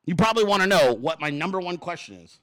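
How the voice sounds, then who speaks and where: A man hosting a casual solo talk show, excitable and rambling, swearing freely and full of fillers. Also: high voice, quick pace, dry recording. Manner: excitable, profane, rambling with many fillers and laughs. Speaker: podcast host.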